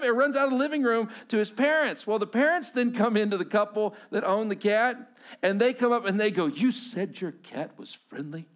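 A man's voice: very high-pitched, fairly bright tone. A male pastor preaching a sermon, talking conversationally and telling stories with asides to the congregation.

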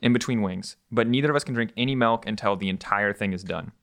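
A young man co-hosting a casual video, rambling and recapping games quickly. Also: fairly low pitch. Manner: fast, rambling, yelling through spicy pain. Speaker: co-host of esports challenge video.

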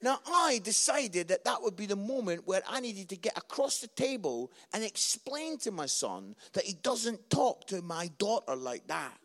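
A middle-aged Scottish man preaching from the front, his voice sitting high for a man. He tells his stories with lots of humour and acts out the quarrels with sudden raised voices. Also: sing-song, normal speed, few pauses, fairly bright tone. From Scotland. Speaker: visiting preacher. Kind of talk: humorous sermon storytelling.

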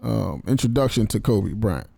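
Gravelly, blunt man hosting a chat. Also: on the low side, expressive, moderate pace, dark tone, dry recording, clean studio sound. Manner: blunt, asks questions. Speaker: host. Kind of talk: casual interview.

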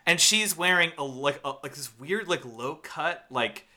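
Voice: medium pitch, expressive, moderate pace, pushed and bright. A podcast co-host ranting sarcastically about a bad movie in casual, profane banter.

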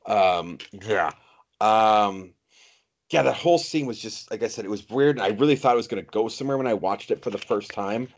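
A man co-hosting a podcast, easygoing and agreeable, who hesitates and restarts as he talks. His voice is on the low side. The sound is muffled and lo-fi. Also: moderate pace. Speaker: podcast co-host. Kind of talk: casual chat. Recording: dull lo-fi recording.

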